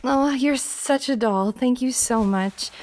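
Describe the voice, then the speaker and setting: A young woman with a high voice acts out a one-sided role-play scene, taking her time over each line. She sounds flustered and breathy, sighing often and dropping into half-whispers. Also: slow, darkish tone. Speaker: audio role-play performer.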